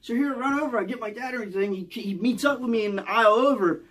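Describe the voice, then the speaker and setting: A man's voice: very high-pitched, racing, fairly bright tone. A man with a Philadelphia accent telling true stories from his childhood in a rambling, profane storytime monologue that keeps checking in with the listener. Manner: rambling, profane, keeps adding "you know what I mean" and "okay?".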